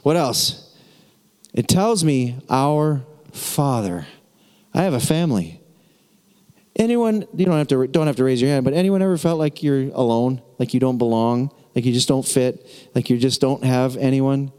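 A man preaching a sermon, talking directly and conversationally to his congregation, going soft and low when he prays. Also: moderate pace, smooth. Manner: conversational, speaks straight to the congregation; drops to a soft, low voice in prayerful moments. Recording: long hall reverb.

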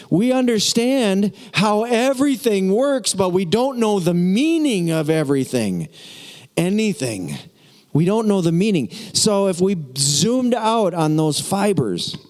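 A man's voice: high-pitched, a little mellow. A man preaching a sermon as pastor, emphatic and repetitive, with casual asides to the congregation. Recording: long hall reverb.

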